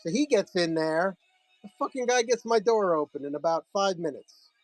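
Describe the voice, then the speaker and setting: A man's voice: sits high, lively intonation, normal speed, dry recording, soft background music, rough recording. A man hosting a live comic sale, telling a rambling, profane story in a casual way.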